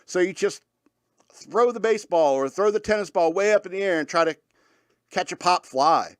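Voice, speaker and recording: A man's voice: high voice, moderate pace, clear, resonant tone, dry recording. Man, talk radio host, casual rambling monologue, fillers, dry recording. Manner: rambling, laughs often, many fillers.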